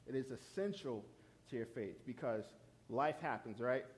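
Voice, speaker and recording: A young adult man giving a lively, conversational sermon as a youth pastor, often checking in with "right?". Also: medium pitch, normal speed.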